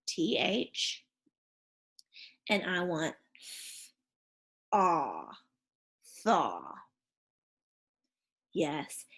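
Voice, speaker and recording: Slow, animated woman teaching phonics. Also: lowish voice. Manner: slow, clear, sounding out letters and prompting questions. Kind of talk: phonics lesson for young children.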